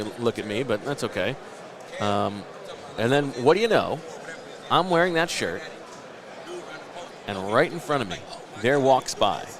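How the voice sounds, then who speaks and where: Rambling late-thirties male podcast host. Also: medium pitch. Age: late 30s. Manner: rambling, self-mocking storyteller. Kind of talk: casual chat.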